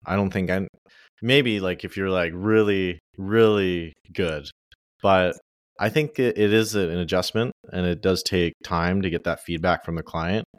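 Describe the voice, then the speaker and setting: A young man with a low voice explains his working methods in an easygoing, loosely phrased way. His sound is dry and close, with no room echo. The tone is casual interview talk. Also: fairly even intonation, a little slow. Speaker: ghostwriter guest.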